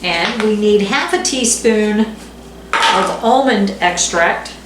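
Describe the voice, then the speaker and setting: A woman's voice: medium pitch, slow pace, heavy background noise. Middle-aged lady chatting thru a cooking vlog, jokes at herself, roomy kitchen w dishes clanking. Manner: chatty, self-deprecating, reads recipe steps aloud. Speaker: home cooking video host. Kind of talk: casual cooking vlog chat. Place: home kitchen. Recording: echoey kitchen with clattering dishes.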